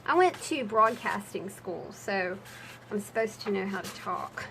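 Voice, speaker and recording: A woman's voice: medium pitch, lively intonation, unhurried, gravelly, pushed and bright, slight background noise, poor audio. Chatty woman showing her crafts. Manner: chatty, rambling asides with fillers. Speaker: junk journal crafter. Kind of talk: casual crafting vlog.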